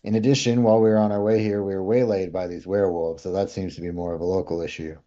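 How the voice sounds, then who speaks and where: A man's voice: low-pitched, fairly even intonation, quick pace, warm tone, highs cut off, close to an everyday voice. A man voicing a polite male envoy for a mayor, formal and stumbling over his words. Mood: earnest. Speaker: player.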